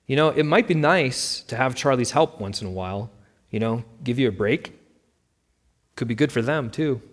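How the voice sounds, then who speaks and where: A man's voice: mid-range voice, animated, moderate pace, natural voice. A man voicing a careful, offhand male attorney who chooses his words with hesitation in a storybook reading, with long hall reverb. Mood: measured.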